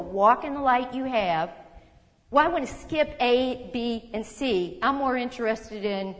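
A woman preaching a sermon in a conversational, emphatic way, with quick asides and self-corrections. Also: fairly high pitch. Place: church hall. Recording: long hall reverb.

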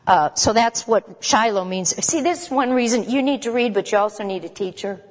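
A woman teaching a Bible lesson in a conversational, emphatic way, with quick asides to her listeners. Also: mid-range voice, in a large hall.

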